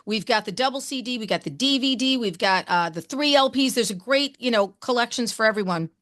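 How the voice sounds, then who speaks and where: A woman radio host chatting with a guest in a gushing, excitable way, talking fast in bursts. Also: fairly high pitch, no echo, clean studio sound. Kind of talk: enthusiastic interview chat.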